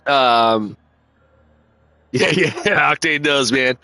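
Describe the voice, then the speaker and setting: A man's voice: medium pitch, extremely slow, sharp tone, dry recording, rough recording. A man streaming a racing game, talking in a laid-back, slangy and profane way and calling everyone dude and man. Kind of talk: casual live-stream chat.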